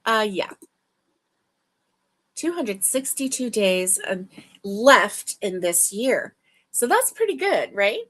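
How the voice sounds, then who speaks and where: Speaking slowly with frequent pauses, this woman has a mid-range, fairly bright voice that swings widely in pitch. She chats casually with viewers on her crochet livestream, picked up by a webcam mic, and though she yawns and sounds tired, her greetings stay warm and talkative.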